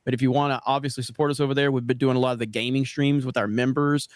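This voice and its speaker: A man's voice: medium pitch, fairly even intonation, very fast, no echo, clean studio sound. A man co-hosting a live stream, rambling casually and plugging sponsors with jokes. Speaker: co-host.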